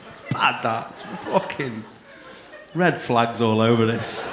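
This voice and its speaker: A man with a Mancunian accent hosting a live comedy night, blunt and sweary, winding up to a shouted introduction. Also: medium pitch, slow, heavy background noise. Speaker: comedy club MC. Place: comedy club stage. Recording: echoey club room.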